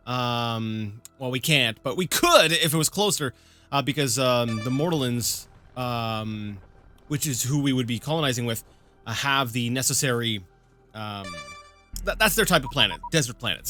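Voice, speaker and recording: A man's voice: medium pitch, pushed and bright. A man hosting a strategy game playthrough, chatting casually and thinking aloud with plenty of fillers. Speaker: host of a gaming channel. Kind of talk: casual let's-play commentary.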